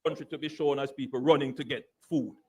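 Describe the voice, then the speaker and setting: A man giving a measured, earnest public speech. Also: mid-range voice, steady tone, breathy edge.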